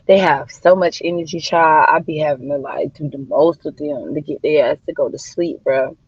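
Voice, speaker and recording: An adult woman, a mother of daughters, chats casually on her livestream in a deep, husky voice at a normal pace, cussing freely and calling her viewers "y'all" and "child." The recording is dry and close, with a slightly dull, lo-fi quality.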